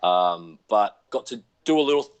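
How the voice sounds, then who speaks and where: A man's voice: fairly low pitch, lively intonation, moderate pace, smooth, dull audio. An Australian man, an actor guest, casually telling self-deprecating stories over a video call from home. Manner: laid-back, self-deprecating storyteller. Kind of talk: casual chat.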